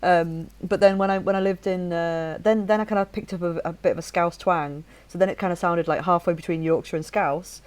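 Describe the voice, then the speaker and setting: A woman in her thirties with a softened northern English accent, hosting a casual podcast chat in an animated, swearing, restart-filled way. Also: fairly low pitch, fairly quick, few pauses. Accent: softened northern English, near-neutral British. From northern England. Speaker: podcast host.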